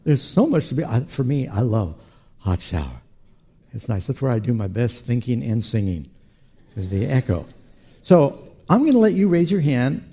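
Man, pastor, sermon, very dark mellow tone, husky, acts out quotes. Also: mid-range voice, moderate pace. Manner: animated storytelling preacher who acts out quotes.

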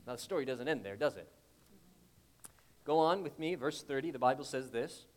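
A man preaching a sermon, who retells a scripture story vividly and asks the congregation rhetorical questions, moving from loud declarations to hushed asides. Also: mid-range voice, normal speed.

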